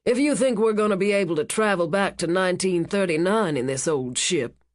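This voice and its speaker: Narrator doing a soft-spoken American physicist. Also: medium pitch, a little fast, dry recording, studio quality, lightly acted. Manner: soft, patient, condescending.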